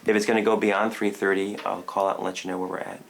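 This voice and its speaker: Male surgeon, low gravelly voice, halting and matter-of-fact, hospital with faint noise. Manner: halting, repeats words, calm and matter-of-fact. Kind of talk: explaining surgery to a family.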